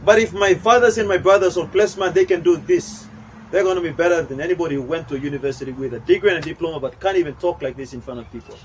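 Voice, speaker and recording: High-voiced emphatic male workshop trainer. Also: rapid-fire, slight background noise, poor audio. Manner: preachy, emphatic, switches into local language. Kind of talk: animated workshop talk. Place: training room.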